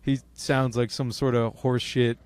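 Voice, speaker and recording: A man's voice: mid-range voice, flat delivery, a little slow, darkish tone, smooth, dry recording. A man co-hosting a casual comedy podcast, loose and profane, laughing often and slipping into joke voices. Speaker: podcast co-host.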